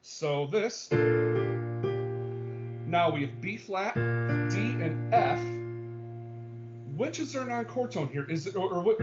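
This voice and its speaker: Man teaching over a dull video call. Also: high-pitched. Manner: explanatory, frequent okays and ums, checks for understanding. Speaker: music theory teacher. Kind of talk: online class lecture.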